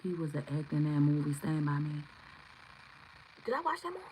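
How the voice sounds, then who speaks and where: A woman doing a live tarot reading, chatting with viewers, excitable and swearing freely. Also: low-pitched, a little fast, slight background noise, poor audio. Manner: excitable, swearing, bursts into shouts. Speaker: tarot reader.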